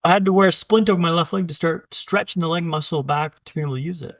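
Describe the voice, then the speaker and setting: A man's voice: fairly high pitch, fast talker, dry recording, clean studio sound. A man, a keynote speaker and podcast guest, telling a story with punchy repeated beats, often addressing the host by name and swearing casually. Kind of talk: dramatic storytelling.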